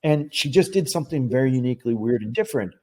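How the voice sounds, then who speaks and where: A man who is a psychic medium, telling a story as a podcast guest, earnest and animated, acting out the dialogue and often restarting his phrases. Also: medium pitch, fast. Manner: animated, acts out quoted dialogue. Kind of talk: conversational storytelling.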